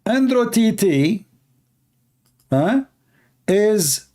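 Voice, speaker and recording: Sarcastic male livestream host, slightly high. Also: big pitch swings, very slow, dark tone. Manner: sarcastic, rambling storyteller with many fillers. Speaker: livestream host reacting to videos. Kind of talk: casual mocking commentary.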